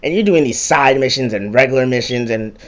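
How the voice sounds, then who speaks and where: A man's voice: medium pitch, a little fast. A young man giving a casual, profane and sarcastic rant recapping a video game.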